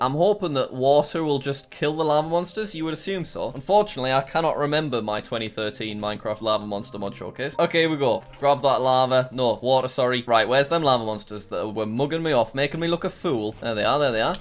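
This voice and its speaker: A man's voice: mid-range voice, animated, fairly quick, few pauses. A British man talking himself through a video game in casual commentary, jittery and full of sudden exclamations. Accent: British English. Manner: jittery self-talk, jumpy exclamations. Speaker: gaming YouTuber.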